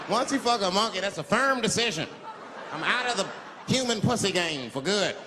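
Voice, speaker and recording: A male stand-up comedian telling a profane story in an animated way, acting out the people in it, recorded live with audience laughter. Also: sits high, fairly quick, noisy background. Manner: profane, animated, acts out characters. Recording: live in a reverberant hall with crowd laughter.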